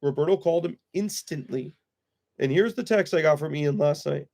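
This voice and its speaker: A man talking on his own livestream in a blunt, profane rant, his voice sitting somewhat high for a man. He keeps the tone heated and unfiltered, swearing freely as he lays out his side. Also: normal speed, gravelly, a little mellow. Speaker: livestream host.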